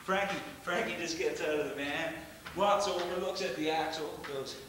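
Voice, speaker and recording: A man's voice: on the high side, moderate pace, noisy background, close to an everyday voice. A male actor on stage playing a rowdy young stoner in a monologue, rambling and crude, laughing and saying "man" a lot. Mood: crude bragging. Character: rowdy young male stoner bragging about a wild ride. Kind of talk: theatrical monologue. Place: theatre stage. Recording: echoey stage from far off.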